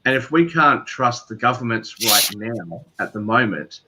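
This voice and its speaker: A man with an Australian accent, a guest speaking in a measured, thoughtful way in casual chat. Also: medium pitch, lively intonation, noisy background. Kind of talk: casual video call chat. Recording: dull lo-fi audio.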